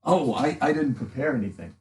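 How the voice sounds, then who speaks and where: A man's voice: mid-range voice, expressive, a little fast, roomy sound, background noise. A man playing a tabletop role-playing game, chatting casually and slipping into speeches for his character. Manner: playful, slips into character speeches. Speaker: player.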